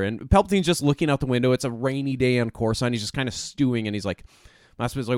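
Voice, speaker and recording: A man's voice: mid-range voice, quick pace, clear, resonant tone, no room sound. Hyped young guy on a podcast, voice bouncing all over, dry close mic, cusses a ton. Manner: excitable, swears a lot, laughs often, acts out scenes. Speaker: podcast co-host. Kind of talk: casual chat.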